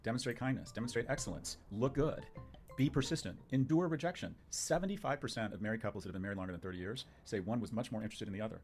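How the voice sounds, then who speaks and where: A man's voice: fairly low pitch, expressive, rapid-fire, faint music behind. A man speaking as a guest in a conversation, making emphatic, punchy declarations and arguing his points in short bursts. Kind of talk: opinionated conversation.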